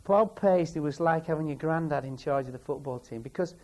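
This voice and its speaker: A former player in a documentary interview, telling an excitable, lively story. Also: male voice, a little high, fairly quick.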